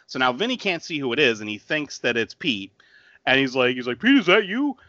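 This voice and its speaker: Animated man recapping a horror movie. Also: medium pitch, fairly quick, dry recording, muffled recording. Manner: animated, laughing, acts out characters' lines. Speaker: podcast co-host. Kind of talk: casual movie recap chat.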